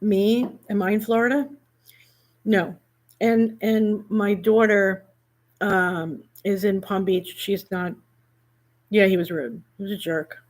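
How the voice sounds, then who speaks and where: A woman hosting a casual talk show, telling an animated, indignant story and quoting back and forth what was said. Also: mid-range voice, slow pace, pauses often. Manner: animated storytelling, indignant, quotes others in conversation.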